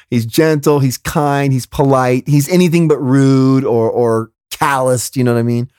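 A man hosting a podcast, telling a comedic story in an exasperated, animated way with laughing asides. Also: medium pitch, normal speed, clean tone, no room sound, studio quality. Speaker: podcast host.

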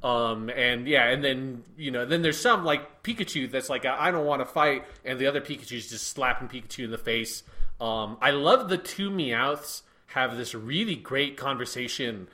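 A man's voice: medium pitch, moderate pace, pushed and bright. A man in casual conversation about a film, thoughtful and rambling, with frequent restarts. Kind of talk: casual chat, film discussion.

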